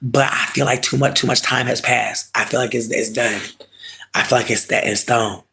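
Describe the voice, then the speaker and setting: A man chatting casually with viewers, ranting in an animated, emphatic, comic way and often stretching words slowly for effect. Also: mid-range voice, vocal fry. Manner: profane, drawn-out slow emphasis. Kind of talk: casual chat.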